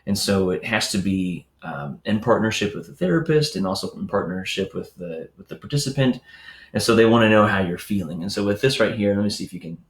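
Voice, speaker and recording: Male host, lowish voice, casual teacher telling stories, echoey room. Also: lively intonation, fairly quick. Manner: conversational, storytelling with filler words and asides. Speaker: educator hosting a morning enrichment show. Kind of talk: casual teaching talk to parents.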